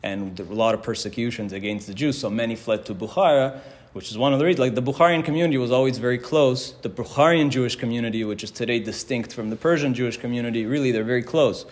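A man at mid pitch teaches a class in an easygoing, conversational way. He tells family stories and quotes ancient verses, often with a chuckle. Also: quick pace. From Canada. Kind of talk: casual lecture with storytelling.

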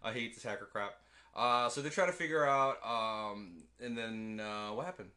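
Brief: podcast co-host, man, bright tense tone, loose and profane, laughs a lot. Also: on the low side, normal speed. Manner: rambling, laughs often, swears freely. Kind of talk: casual movie recap chat.

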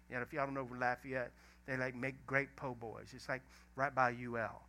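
Bright-voiced preacher. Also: male voice, medium pitch, fairly quick. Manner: folksy storytelling, swings from loud emphasis to hushed near-whisper. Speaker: pastor. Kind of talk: sermon.

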